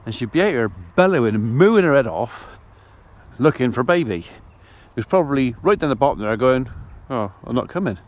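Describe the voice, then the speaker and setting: A man's voice: medium pitch, sing-song, moderate pace. A middle-aged man, a farmer vlogging casually outdoors as he feeds his animals and chats away to them. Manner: chatty, talks to his animals while feeding them. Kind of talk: casual vlog while doing farm chores. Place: farmyard outdoors.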